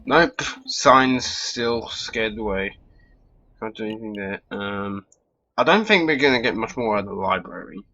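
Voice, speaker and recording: A man giving quiet, mumbled asides while playing a game. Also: lowish voice, lively intonation, unhurried, highs cut off. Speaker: let's play host. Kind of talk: casual game commentary.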